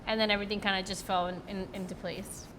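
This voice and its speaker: A woman chef from Peru, answering interview questions in a relaxed, frank way with short replies. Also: mid-range voice, fast, background noise. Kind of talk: casual interview chat.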